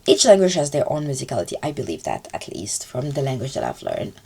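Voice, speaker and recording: Woman, gravelly voice, animated pitch, chatty vlog advice. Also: fast. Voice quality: chatty, loose grammar, fillers like "like" and "poof". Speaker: language learning vlogger. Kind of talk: casual advice to camera.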